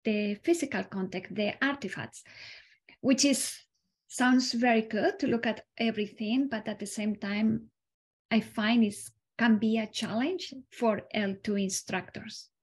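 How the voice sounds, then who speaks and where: A woman from the audience asking a measured, thoughtful question about teaching. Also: on the high side, breathy edge. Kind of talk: question at a lecture.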